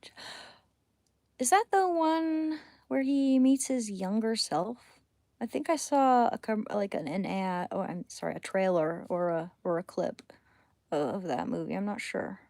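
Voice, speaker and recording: Woman, livestreamer, late-night casual chat, slow and rambling, hushed near-whispers, dry close sound. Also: medium pitch, no echo. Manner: rambling, drifting between thoughts while reading chat.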